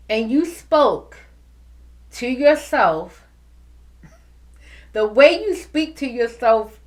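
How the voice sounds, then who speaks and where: A woman hosting a podcast, giving an animated motivational talk to her listeners. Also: mid-range voice. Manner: animated, preachy, addresses listeners as y'all. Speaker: podcast host.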